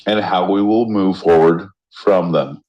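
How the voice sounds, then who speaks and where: A man co-hosting a podcast in casual banter, rowdy and joking, often jumping into loud mock voices. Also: sits low, measured pace, muffled recording. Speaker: podcast co-host.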